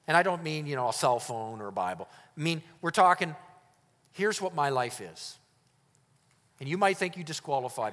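A man preaching a sermon as pastor, emphatic, moving between loud declarations and hushed, earnest lines. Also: mid-range voice. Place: church hall. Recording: long reverb of a church hall.

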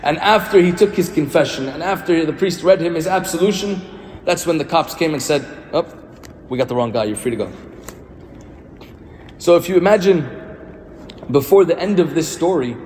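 A man's voice: a little high, normal speed, a little mellow, slight background noise. A man, a priest giving a sermon in a conversational storytelling way with rhetorical questions. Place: church. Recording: reverberant church hall, faint ambience.

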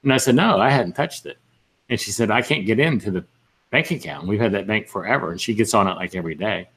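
A man's voice: fairly low pitch, quick pace, a bit bright. A man chatting casually as a podcast co-host, telling stories with lots of fillers and restarts. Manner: rambling storyteller, lots of fillers. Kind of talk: casual chat.

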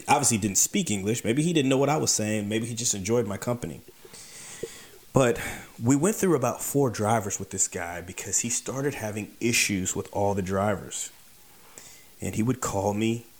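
A man telling a casual personal anecdote in a conversational, wry way, repeating words for emphasis. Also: on the low side. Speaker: storyteller.

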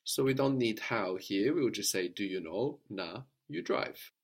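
Patient low-voiced male language teacher. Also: lively intonation, creaky, breathy edge. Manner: patient, coaxing, modeling phrases slowly. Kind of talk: spoken language lesson.

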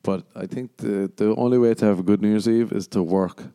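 A man's voice: fairly low pitch, steady tone, brisk, warm tone, clean tone, no room sound. A man hosting a solo podcast, ranting casually with lots of swearing, sardonic asides and mocking put-on voices. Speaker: podcast host.

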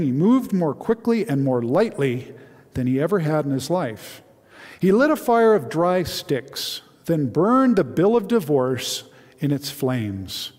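A man's voice: fairly high pitch, a little mellow. A man preaching a sermon in an earnest, openly moved way, reading a story and leading a prayer. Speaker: pastor. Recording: reverberant hall.

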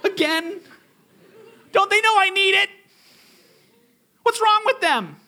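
Brief: man putting on a whiny entitled teen, pitched way up, gravelly, self-pitying rant. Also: slow, pushed and bright, full character voice. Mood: indignant. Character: whiny entitled teenager full of excuses.

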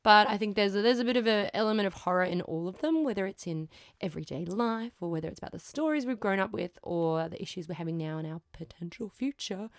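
A woman's voice: mid-range voice, fast talker, hardly any pauses, dry recording, clean studio sound. A woman librarian hosting a book podcast, chatty and enthusiastic, laughing often as she talks. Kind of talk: casual book chat. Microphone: studio microphone.

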